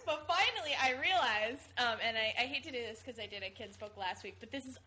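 A woman's voice: on the high side, animated, fairly quick, sharp tone, poor audio. A woman in casual podcast chat, talking in a chatty, self-deprecating way.

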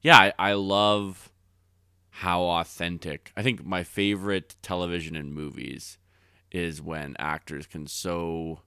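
Deep voiced podcast guy, thoughtful, smooth clear voice, kinda trails off. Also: steady tone, takes it slowly, sharp tone, no echo, clean studio sound. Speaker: podcast co-host. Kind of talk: casual podcast chat.

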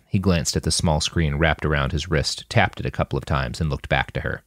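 Man reading an audiobook, lowish voice that swings all over, dead dry booth. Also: a little fast, no room sound. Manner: expressive, wide-ranging reading. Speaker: narrator. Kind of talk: scripted audiobook narration.

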